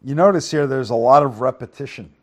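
A man teaching through Bible verses, reading scripture aloud and then explaining it in an easygoing, conversational way, often checking in with the listeners. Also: brisk. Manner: reads scripture louder, then explains in a low conversational aside; asks the listeners "right?" and "okay?". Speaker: preacher.

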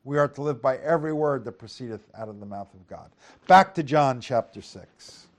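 A man in the middle of a Bible teaching, his voice sitting at an ordinary middle pitch. He reads old-fashioned scripture verses aloud and then explains them plainly. He keeps checking in with his listeners through rhetorical tag questions and stumbles into easy restarts. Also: normal speed. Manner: reads scripture aloud in King James wording; conversational with frequent restarts. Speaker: preacher.

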